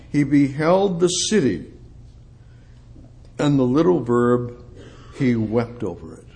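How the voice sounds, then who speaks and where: A man's voice: animated, takes it slowly, creaky, long pauses. Man preaching with emphatic swings. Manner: emphatic, reads scripture aloud, rising to loud peaks then dropping low. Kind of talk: expository sermon.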